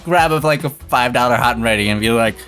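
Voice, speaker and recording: A man's voice: mid-range voice, quick pace, a bit bright, soft background music. A man co-hosting a casual comedy chat, giggly and rambling as he riffs on silly scenarios. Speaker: co-host.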